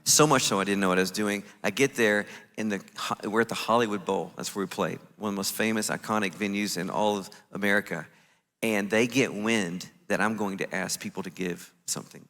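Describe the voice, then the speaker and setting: Male conference speaker with a lowish, bright voice, lively storyteller, hall echo. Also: brisk. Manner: animated, acts out his own quoted reactions. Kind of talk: storytelling talk on stage. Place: conference stage in a large venue. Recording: echoey large hall.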